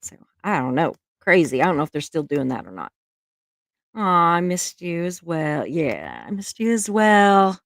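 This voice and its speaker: A woman's voice: fairly low pitch, big pitch swings, normal speed, no echo, studio quality. A middle-aged woman, hosting a casual livestream and reading viewer comments in a chatty, emotional way with frequent laughs. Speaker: live stream host reading viewer comments. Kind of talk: casual chat.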